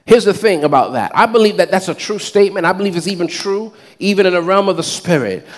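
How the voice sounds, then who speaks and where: A man with a high voice preaches a sermon to his church. He calls out questions to the crowd and climbs into loud, shouted lines. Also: expressive, quick pace. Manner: preaching with rising shouts and call-and-response. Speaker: pastor.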